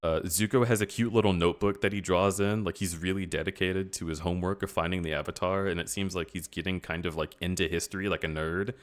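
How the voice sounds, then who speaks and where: A man's voice: low-pitched, fairly even intonation, fast, hardly any pauses. A man hosting a livestream, casually retelling scenes and acting out the characters he quotes. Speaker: livestream host. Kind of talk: casual chat.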